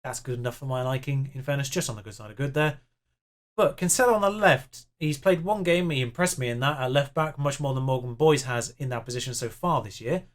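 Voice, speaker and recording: A man's voice: mid-range voice, a little fast. A young man commentating his own game, chatty and self-mocking, muttering along as the match plays out. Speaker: YouTube game player. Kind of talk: let's-play commentary.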